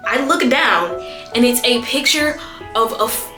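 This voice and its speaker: A young woman telling a personal story in an animated storytime vlog, slangy and expressive, laughing often and repeating lines for emphasis. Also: a little high, takes it slowly, long pauses. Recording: echoey room with faint background music.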